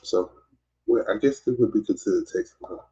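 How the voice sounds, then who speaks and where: On a dull, lo-fi livestream, a Southern-accented man from Mississippi hosts his podcast in loose, teasing chatter, restarting often and leaning on fillers. He talks fairly quickly in a lowish, warm voice with a slightly rough texture.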